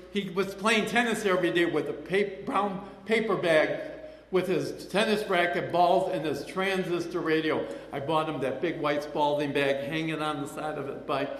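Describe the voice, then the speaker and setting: A slightly high, somewhat bright voice belongs to an older man recounting his story at a recovery meeting. He talks chattily and ramblingly, often laughing and circling back to the same phrases; the hall echoes with long reverb.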